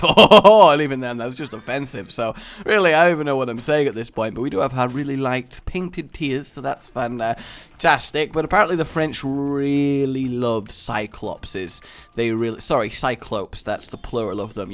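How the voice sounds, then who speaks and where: A man's voice: medium pitch, a bit bright. A man giving casual gameplay commentary, rambling into playful tangents and jokes, with frequent stammered restarts. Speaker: video game commentator.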